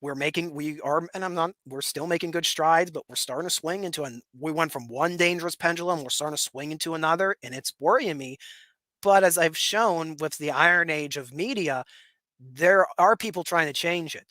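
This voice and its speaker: A man's voice: on the high side, fairly quick, pushed and bright, no room sound. A young man from Western Pennsylvania with a Western Pennsylvania accent, hosting a solo commentary show, rambling and repeating words as he talks. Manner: rambling, repeats words, chuckles while talking. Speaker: podcast host.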